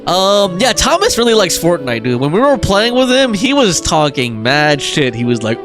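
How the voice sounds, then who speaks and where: Over music, a young man on a game live stream reads chat out loud and kids around with viewers in a chatty way. He speaks on the high side, fairly quickly and with hardly any pauses, his pitch swinging a lot.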